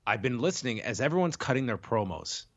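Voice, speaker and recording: A man co-hosting a casual chat podcast while sick, talking in a measured, thoughtful way. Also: mid-range voice, sing-song, a bit bright, no room sound, dull audio. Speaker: podcast co-host.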